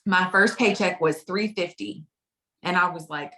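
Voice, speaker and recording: A woman's voice: on the low side, a little slow, bright, forceful tone. A woman consultant telling her personal story in a casual, chatty way, often repeating phrases for emphasis. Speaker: direct sales consultant.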